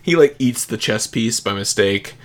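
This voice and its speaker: A man co-hosting a laid-back film podcast. His pitch moves a lot as he talks, with plenty of easy agreement and wry asides. The delivery is unhurried and chatty. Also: lively intonation, a little hiss or hum. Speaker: podcast co-host. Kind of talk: casual movie discussion.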